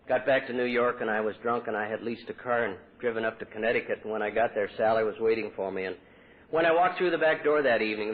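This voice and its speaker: A man speaking at a recovery meeting, telling his story earnestly and acting out quoted lines with his voice. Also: a little hiss or hum. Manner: earnest, acts out quoted dialogue with pitch jumps. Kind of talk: personal storytelling talk. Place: convention hall. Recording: tinny old tape recording.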